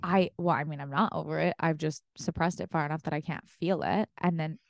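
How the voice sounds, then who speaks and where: A woman's voice: low voice, fairly even intonation, a little fast, creaky, dry recording. Probing woman co-host, dry sound. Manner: probing, self-reflective, swears. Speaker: podcast co-host. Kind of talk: casual chat.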